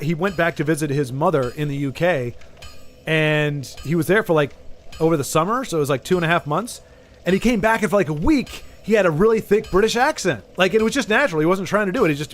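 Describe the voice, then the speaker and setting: Talking fast in a somewhat high, slightly bright voice, a man with a Southern Texan accent chats casually with viewers while streaming a game. He rambles, trails off mid-thought, and restarts what he was saying.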